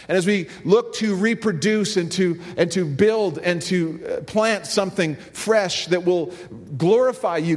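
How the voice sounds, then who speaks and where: A man pastor delivering a sermon, telling a story and then rising to fervent emphasis. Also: sits high. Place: church sanctuary. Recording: long reverb of a large hall.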